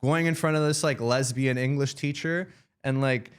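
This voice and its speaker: A man's voice: medium pitch, steady tone, normal speed, smooth. A young man hosting a podcast, telling school stories in a rambling, profane, laughing way. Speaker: podcast host. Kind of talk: casual storytelling chat.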